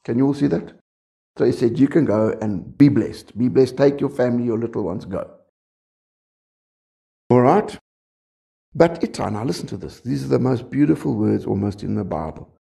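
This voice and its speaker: A man's voice: medium pitch, expressive, normal speed, creaky, pauses often, warm tone. A man preaching a sermon, talking conversationally and often checking in with the congregation.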